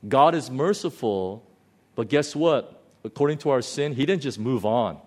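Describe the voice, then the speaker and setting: A man preaching a sermon in a conversational, storytelling way, swinging between loud outbursts and quiet, low passages. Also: expressive, moderate pace. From lives in Hong Kong. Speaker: pastor.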